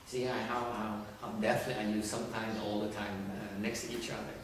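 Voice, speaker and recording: Speaking fast in a lowish voice with little pitch movement, the teacher addresses his group casually and teasingly, frequently restarting and asking listeners questions. A distant mic in a very echoey room picks up slight background noise.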